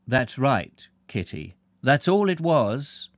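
A man voicing a sly middle-aged lodger with a soft, smooth voice and an oily, hesitant manner. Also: medium pitch, very animated, slow, dry recording, voice pushed up.

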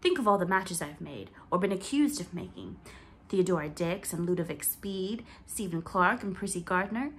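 A woman's voice: fairly low pitch, very animated, moderate pace. A woman reading a playful, imaginative young mother.

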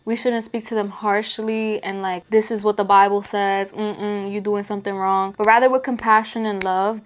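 Earnest woman vlogger sharing faith. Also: on the high side. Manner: earnest, conversational, many "like" fillers. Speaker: Christian vlogger. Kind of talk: casual faith talk to camera.

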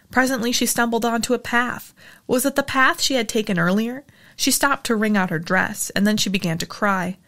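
Woman reading a novel aloud. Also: mid-range voice. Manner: steady storytelling narration. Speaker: audiobook reader.

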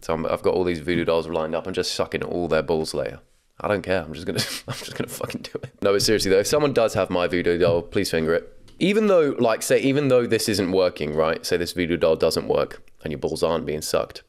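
Low-voiced young man doing comedic commentary. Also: quick pace, smooth. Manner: wry, laughs often, casual swearing. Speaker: commentary host.

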